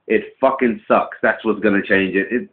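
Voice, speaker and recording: A man's voice: on the low side, fairly even intonation, normal speed. A man hosting his own wrestling commentary vlog, ranting scornfully with profanity and breaking into laughs mid-sentence. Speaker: wrestling vlogger. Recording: tinny phone-like sound in an echoey room.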